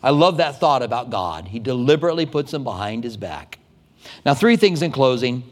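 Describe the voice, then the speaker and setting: A man preaching as a pastor, telling stories in a conversational, animated way with quick asides. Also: mid-range voice. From United States. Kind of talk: sermon. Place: church sanctuary. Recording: long hall reverb.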